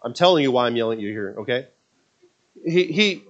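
A man preaching a sermon as pastor, swinging between loud emphatic passages and quiet, confiding asides. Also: mid-range voice, animated, fairly quick, lo-fi sound.

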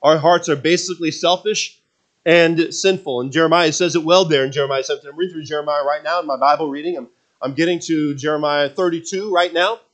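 Man, pastor preaching, slightly high voice, loud then hushed. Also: fairly even intonation, quick pace. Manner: swings from loud preaching to quiet confiding. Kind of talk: sermon.

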